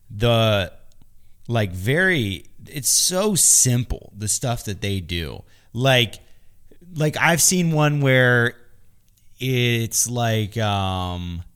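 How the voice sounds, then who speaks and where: A man's voice: on the low side, fairly bright tone, smooth. A man co-hosting a podcast, rambling in casual chat with many fillers. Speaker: podcast co-host.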